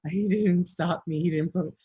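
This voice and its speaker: Chatty, giggly man with a breathy voice. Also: medium pitch, no room sound, highs cut off. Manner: chatty, giggly, reads questions aloud then rambles. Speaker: actor answering fan questions. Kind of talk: casual question and answer video.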